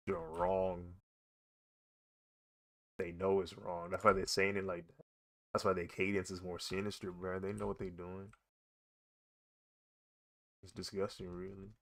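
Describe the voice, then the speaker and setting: A man's voice: low voice, little pitch movement, takes it slowly, gravelly, long pauses, a bit bright. A young man, chatting casually and rambling while he draws, laughing often and saying "bro" a lot. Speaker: artist streaming a drawing session. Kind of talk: casual chat while drawing.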